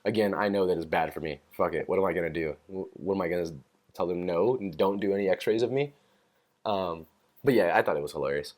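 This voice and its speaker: Young dude ranting on his podcast, lowish voice, swears a ton, says like every other word. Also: fast talker, darkish tone. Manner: profane, rambling storytelling with many fillers; amused, laughs at own stories. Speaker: podcast host. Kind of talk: casual solo rant.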